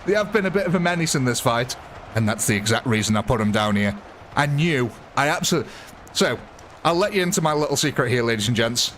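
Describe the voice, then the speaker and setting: A man's voice: mid-range voice, animated, quick pace, fairly bright tone, slight background noise. A man chatting casually on a live gaming stream, rambling and laughing often.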